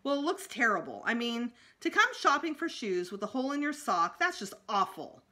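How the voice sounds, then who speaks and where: A woman's voice: on the high side, very animated, moderate pace, bright, forceful tone, pitched above the performer's own voice. A woman voicing a fussy mother who frets over small things yet stays firm, in a storybook reading. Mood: fretting.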